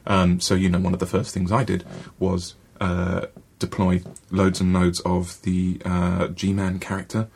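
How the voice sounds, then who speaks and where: A man's voice: deep voice, completely flat delivery, measured pace, creaky, few pauses, darkish tone, a little hiss or hum. A man chatting casually on a panel, rambling and hesitant with plenty of ums.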